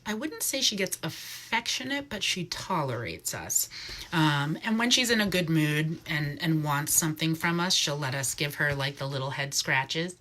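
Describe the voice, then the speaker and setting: A woman, a wildlife educator giving a live-streamed talk in a chatty way and softly cooing asides to an owl. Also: lowish voice, big pitch swings, moderate pace. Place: wildlife center room.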